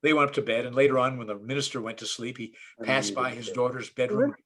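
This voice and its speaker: A man, a rabbi and stand-up comedian, giving a relaxed online talk full of jokes, with plenty of ums and restarts. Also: medium pitch, fast, a crowd in the background. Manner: relaxed storyteller, many fillers and restarts.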